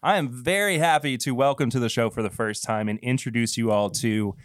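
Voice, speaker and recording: A man's voice: mid-range voice, fairly quick, dry recording. Guy hosting a podcast, joking around, easygoing mid voice, dead dry close mic, laughs a lot. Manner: chatty, jokey, laughs often. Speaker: podcast host. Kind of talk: casual podcast chat.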